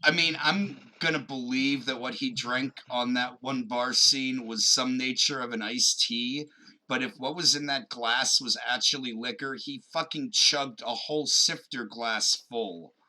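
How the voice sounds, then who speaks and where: A man co-hosting a casual podcast with a very bright, forceful voice. He talks in an animated way, swears freely and drops jokey asides into everything, even when reading the news aloud. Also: mid-range voice, unhurried, poor audio. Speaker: podcast co-host.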